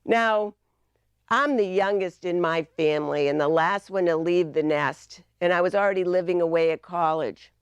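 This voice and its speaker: A woman's voice: on the low side, moderate pace, smooth, dry recording, muffled recording. A woman with a Boston accent, giving a humorous icebreaker speech in a playful storytelling manner, on a video call. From Massachusetts, US. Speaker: club speaker.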